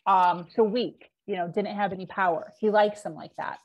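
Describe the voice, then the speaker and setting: A middle-aged woman speaks as a podcast guest, recounting her past frankly. She talks in a loose, unpolished way, full of fillers and quoted back-and-forth. Her voice sits at an ordinary middle pitch for a woman. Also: steady tone, moderate pace, lo-fi sound. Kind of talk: candid personal storytelling.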